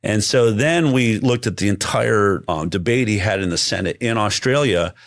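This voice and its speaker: A man with a deep, low-pitched voice talks as a guest in a conversational interview. He speaks emphatically and often breaks off and restarts his sentences. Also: moderate pace, no room sound, studio quality.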